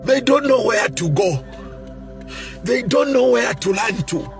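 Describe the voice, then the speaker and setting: A man's voice: extremely high pitch, animated, a little slow, vocal fry, faint music behind. A Zambian man crying out in an emotional public appeal, pleading and wailing, chanting his phrases in a sing-song cry. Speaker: party member making a public appeal.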